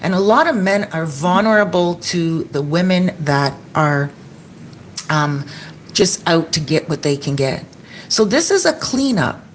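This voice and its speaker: Middle-aged woman vlogging, kinda low voice, chatty storyteller doing everyone's lines, faint hum behind. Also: measured pace. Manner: chatty, animated retelling with acted-out quotes. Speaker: expat vlogger. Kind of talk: casual storytelling to viewers.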